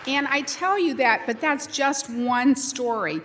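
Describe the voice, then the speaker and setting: A woman speaking as a university president at a graduation ceremony, telling a story in a warm, conversational way at a podium microphone. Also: high voice, lively intonation, measured pace, some chatter behind. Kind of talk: commencement speech. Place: large ceremony hall.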